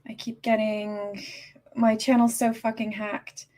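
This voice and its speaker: A woman ranting on her live stream, upset and agitated, talking in halting bursts with lots of restarts and swearing. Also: on the high side, little pitch movement, dark tone. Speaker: livestreamer. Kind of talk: casual live-stream rant.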